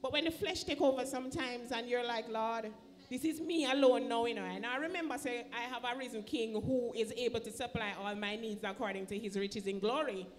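A woman speaking with a Jamaican accent shares a heartfelt testimony in a church sanctuary, performing the voices of the people she describes. Her voice is fairly high and a little fast, with hardly any pauses.

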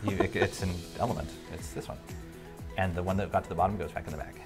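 A woman's voice: a bass voice, fairly even intonation, fast, over music. A woman playing a board game on a livestream, chatting and explaining the rules as she goes. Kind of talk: casual game-night chat on a livestream.

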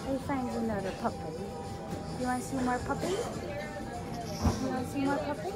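A mother talking to her small child in slow, playful baby talk, coaxing and sing-song, at an indoor water park. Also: high-pitched. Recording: loud crowd and music behind.

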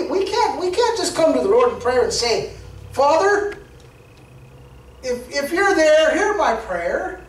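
Male preacher, lively swings in pitch, storytelling sermon, recorded in an echoey church from off-mic. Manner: conversational, repeats words while building to emphatic peaks. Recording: roomy church sound from a distance.

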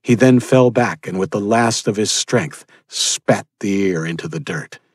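A man narrating a thriller audiobook in a steady, grim storytelling manner. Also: on the low side, unhurried, husky, dry recording, studio quality. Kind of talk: scripted narration.

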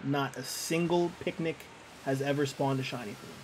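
Playing a video game on stream, a man in a mid-range voice keeps a fairly even intonation and moderate pace, with a little hiss or hum in the audio. He jokes around, chats casually with viewers, and reads out their messages.

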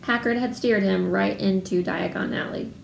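A woman reading a children's novel aloud in a steady storytelling manner. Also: mid-range voice, moderate pace, gravelly. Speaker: readalong reader. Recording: roomy room, faint background noise.

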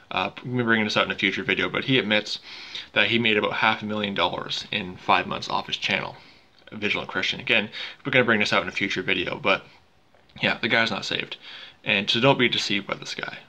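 A male host comments dismissively on a clip, arguing his point with frequent restarts. His voice is on the low side but cuts through with a very sharp, bright tone. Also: a little fast, poor audio. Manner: dismissive, argumentative, repeats words. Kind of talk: critical commentary vlog.

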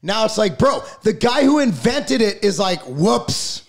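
A man's voice: high voice, lively intonation, normal speed. A middle-aged man ranting in a casual podcast chat, swearing freely and getting heated. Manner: profane, fired-up ranting.

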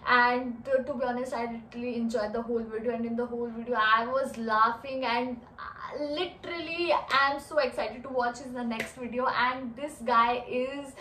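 A woman's voice: a little high, fairly even intonation, moderate pace, bright, forceful tone. Enthusiastic Indian woman, echoey and distant. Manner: enthusiastic with many fillers. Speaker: reaction video host. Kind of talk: casual reaction chat. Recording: echoey room, off-mic, faint noise.

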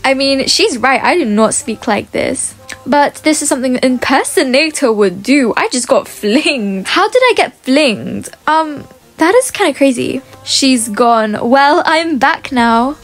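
A young woman talks her viewers through a game in a casual, chatty way. Her voice sits high, and she stays bubbly and quick to laugh throughout. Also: lively intonation, soft background music. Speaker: gaming YouTuber. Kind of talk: casual gameplay commentary.

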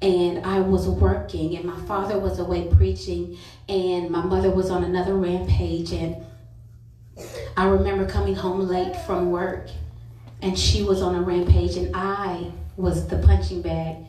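A woman preaches a sermon in a church sanctuary, sharing her own testimony earnestly and personally. Her voice is lowish, level, and dark, a little slow, and the recording has a roomy, distant church sound.

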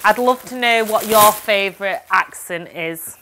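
A woman's voice: mid-range voice, a little slow, sharp tone. A young woman from Yorkshire with a broad Yorkshire accent, chatting casually to camera while unboxing gifts. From Yorkshire, England. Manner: chatty and upbeat, broad dialect phrases. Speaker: lifestyle vlogger. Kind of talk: casual vlog chat, unboxing.

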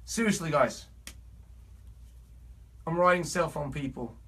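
A musician speaks in a put-on British accent, rambling along in an earnest, preachy vlog monologue. His voice sits a little high for a man and carries a husky edge. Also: measured pace, fairly bright tone.

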